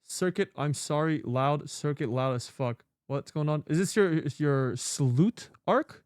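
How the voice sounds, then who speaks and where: A male streamer chatting casually with viewers, excitable and swearing often with lots of exclamations. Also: a little high, measured pace, smooth, dry recording, clean studio sound. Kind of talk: casual live-stream chat.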